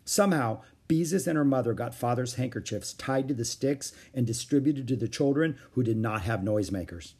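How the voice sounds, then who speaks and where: A man reading a children's book aloud in an expressive storytelling manner. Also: medium pitch, a little fast, hardly any pauses, breathy edge.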